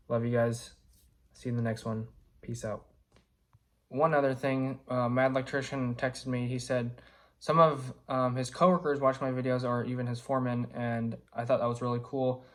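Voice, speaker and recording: A man with a hoarse, sick-sounding voice, casually updating his viewers in a rambling way with lots of fillers. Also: medium pitch. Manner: relaxed, rambling with many fillers. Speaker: vlogger, electrician.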